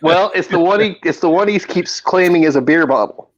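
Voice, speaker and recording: Slangy man, higher voice. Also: brisk, highs cut off, background noise. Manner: enthusiastic, slangy, swears freely. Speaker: guest. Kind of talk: casual live-stream chat.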